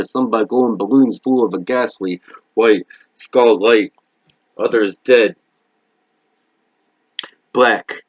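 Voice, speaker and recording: Man narrating a horror novel, steady and measured, low voice, dry close mic. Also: no room sound. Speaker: reader. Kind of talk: reading a novel aloud. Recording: dull lo-fi recording.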